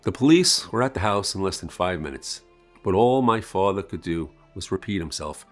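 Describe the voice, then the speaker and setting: A man narrates a scripted sales story in the first person, telling it dramatically with big swings in pitch and volume. His delivery is sing-song and moderately paced, with faint music behind him.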